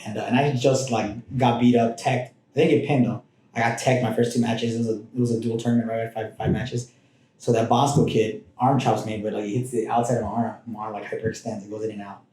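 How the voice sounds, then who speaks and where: Rambling mellow-voiced man telling stories. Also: mid-range voice, flat delivery, a little fast. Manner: rambling, with frequent restarts and asides. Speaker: podcast guest. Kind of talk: casual personal storytelling. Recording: roomy echoing room.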